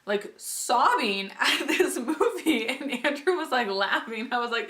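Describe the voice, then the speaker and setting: Bright-voiced chatty pregnant woman. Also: fairly high pitch, expressive, unhurried, few pauses. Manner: chatty, lots of "like" and restarts, laughs while talking. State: heavily pregnant. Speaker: vlogger. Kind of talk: casual chat to camera.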